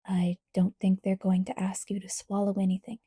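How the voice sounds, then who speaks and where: A woman voicing a calm, teasing teenage vampire boy in a soft, hushed, near-whispered delivery. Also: medium pitch, normal speed, breathy edge, no echo, clean studio sound. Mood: tender.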